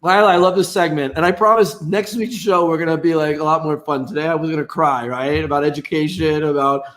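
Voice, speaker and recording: A man's voice: fairly high pitch, steady tone, fairly quick, fairly bright tone. Playful American man hosting a talk show. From United States. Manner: playful, self-mocking, chatty. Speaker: talk show host and barbecue restaurant owner. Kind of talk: casual joking talk show banter.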